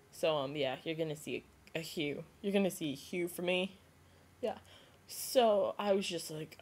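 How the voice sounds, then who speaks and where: A young woman vlogging to a self-filmed camera, retelling a story in a rambling, animated way with lots of "like" and restarts. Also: on the low side. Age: young adult. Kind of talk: casual storytelling vlog.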